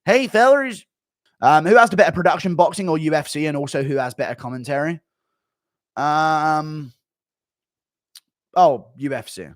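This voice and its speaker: A man's voice: a little high, moderate pace, pauses often, no echo, studio quality. Blunt, swearing live-stream host man. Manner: rambling, blunt, swears freely. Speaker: livestream host reading viewer donations. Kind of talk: casual profane live-stream commentary.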